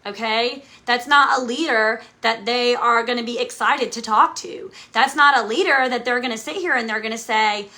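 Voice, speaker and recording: A woman talks straight into the camera as a direct sales leader, coaching her team. Her voice sits high and sounds bright and sharp. She is emphatic and keeps checking in with "okay?" after each point. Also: moderate pace, few pauses. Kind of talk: motivational talk to camera. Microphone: camera mic, speaking to camera.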